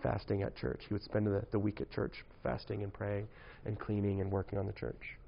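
A man's voice: on the low side, little pitch movement, fairly quick, gravelly, muffled recording. A man preaching to young people in a casual, joking way, often tossing in "right?" asides. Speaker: youth pastor.

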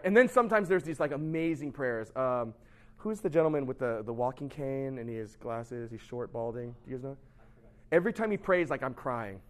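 A middle-aged man preaching in a loose, conversational way. He keeps checking in with "right?" and slips into little acted quotes. His voice sits high for a man. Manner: chatty and animated, keeps asking "right?". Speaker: pastor. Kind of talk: casual sermon.

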